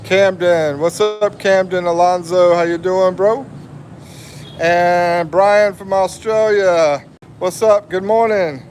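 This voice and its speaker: A slow-talking American man in his fifties chats easily on a livestream and answers viewers one by one. His voice sits a little high for a man, with faint street noise behind him. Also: steady tone, darkish tone. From USA. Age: 50s. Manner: slow, chatty, reads viewer comments aloud and laughs often. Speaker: livestream host. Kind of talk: casual livestream chat.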